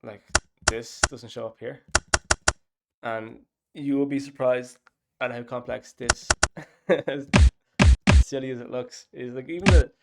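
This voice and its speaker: A man's voice: mid-range voice, unhurried, gravelly, pauses often, loud music behind the voice. A man, casually talking through his app's design and thinking aloud with lots of fillers. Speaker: app developer. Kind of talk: casual dev log talk.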